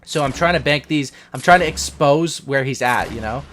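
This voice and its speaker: A man's voice: medium pitch, moderate pace, fairly bright tone, slight background noise. A young man hosting a gaming channel, talking casually and with hype through post-game commentary on his own match. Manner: hyped, casual gamer talk.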